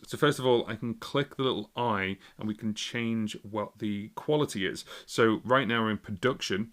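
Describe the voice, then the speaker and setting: A man's voice: fairly low pitch, fairly bright tone. A British man giving a casual, rambling step-by-step demonstration of recording gear at a table indoors, picked up by a phone and a small stereo recorder. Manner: chatty, rambling, explains step by step. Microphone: phone mic and small stereo recorder.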